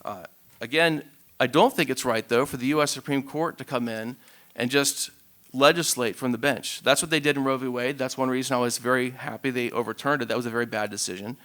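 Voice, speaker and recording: A man answering as a congressional candidate in a debate forum, firm and deliberate. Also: medium pitch, steady tone, a bit bright.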